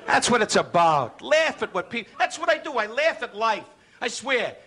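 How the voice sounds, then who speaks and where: A man's voice: very high voice, very animated, moderate pace. A male stand-up comedian, needling the audience in a brash insult comedy set. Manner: brash, needling crowd work with put-on voices. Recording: archival club recording with loud crowd laughter. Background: loud audience laughter.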